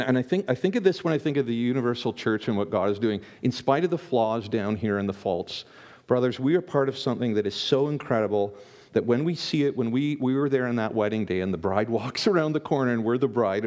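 A man's voice: lowish voice, a little mellow. A man preaching a conversational sermon as a pastor, often repeating words and restarting his sentences.

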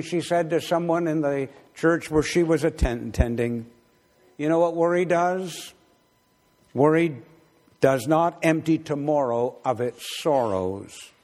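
A man preaching a sermon as pastor, slow and deliberate, with gentle humor. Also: on the high side.

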